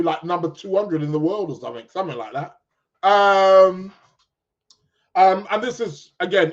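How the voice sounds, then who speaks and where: Guy rambling on his live podcast stream, kinda high voice, lots of ums and laughs, muffled lo-fi sound. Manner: chatty and rambling, with fillers, laughs and self-corrections. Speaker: podcast host. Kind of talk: casual live-stream chat.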